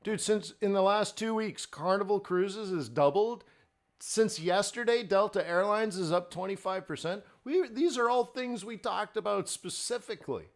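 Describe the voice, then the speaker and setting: A man's voice: high voice, normal speed. A middle-aged man hosting a live forex trading stream, talking in a blunt, fired-up, ranting way.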